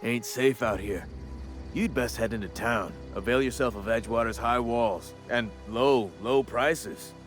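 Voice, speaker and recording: An actor playing a chatty, wry frontier gravedigger in a video game, talking in a folksy drawl with old-timey wording. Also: male voice, medium pitch, measured pace, soft background music, close to an everyday voice. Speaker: game character.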